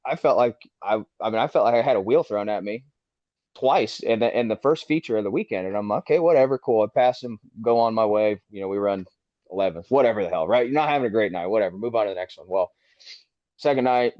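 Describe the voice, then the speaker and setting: A man's voice: lowish voice, a little mellow, no room sound. A man, a race car driver who is a podcast guest, telling a story casually with lots of swearing, and acting out heated quotes. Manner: profane, rambling, acts out heated quotes. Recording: dull dry lo-fi sound.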